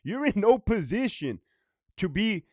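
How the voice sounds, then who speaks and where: A man's voice: high-pitched, sing-song, unhurried, a little mellow, no echo, studio quality. A man who is a former prison guard, ranting profanely in a casual vlog, rambling and often laughing.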